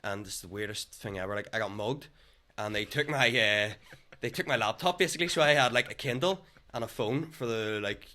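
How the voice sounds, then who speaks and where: A young man with a Northern Irish accent, a guest comedian talking very fast in casual chat. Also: fairly low pitch, sharp tone.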